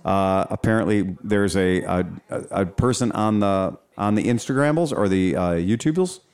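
A man's voice: fairly low pitch, moderate pace, darkish tone, clean tone. A man hosting a podcast in casual, rambling chat, swearing freely and often restarting his sentences. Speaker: podcast host.

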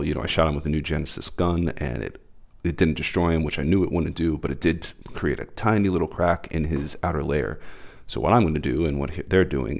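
Male podcast host with a very low, gravelly voice. Casual, rambling comic review with lots of ums and shrugs. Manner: rambling, hesitant, with frequent fillers.

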